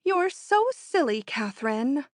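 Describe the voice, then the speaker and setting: A woman voicing Natalie, a bright eager society lady. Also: big pitch swings, slow pace, no echo, clean studio sound, exaggerated voice. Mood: impatient. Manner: high, emphatic, exclaiming. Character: excitable young society woman, eager and bold. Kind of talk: audiobook character voice.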